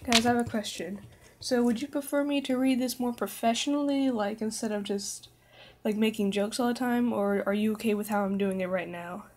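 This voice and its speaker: A woman's voice: a little high, a little fast, slight background noise. A tired young woman reading fan fiction aloud on a casual livestream, often stumbling over words, correcting herself and joking with her chat.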